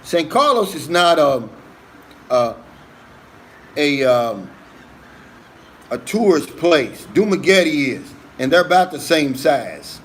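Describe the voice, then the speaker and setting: A man hosting a livestream, casually reading out viewer comments in a relaxed way, often saying "man.". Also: on the high side, slow pace, pauses often, slight background noise. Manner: relaxed, says "man" a lot, many fillers. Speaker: livestream host.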